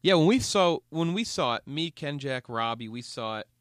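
Animated man hosting a podcast. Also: a little high, moderate pace, no room sound, clean studio sound. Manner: animated, steers the talk, swears casually. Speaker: podcast host. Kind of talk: casual podcast chat.

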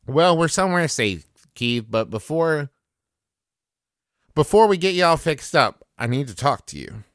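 A man playing a quietly menacing young woman, West Virginia drawl. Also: fairly high pitch, big pitch swings, unhurried, dry recording, studio quality, full character voice. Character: calm, menacing young woman with fire magic.

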